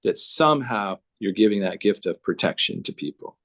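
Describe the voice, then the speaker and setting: A man's voice: lowish voice, lively intonation, normal speed, a bit bright. A man speaking earnestly on a video call, telling a story with emphasis and acting out the dialogue. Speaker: guest speaker.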